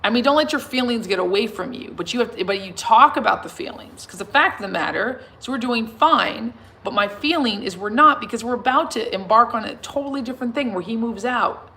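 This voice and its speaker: A woman in her thirties chatting casually to her followers, emphatic and self-assured, swinging from soft to loud. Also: a little high, lively intonation, a little fast, few pauses. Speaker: singer and vlogger addressing her followers. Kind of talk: casual livestream chat reading comments.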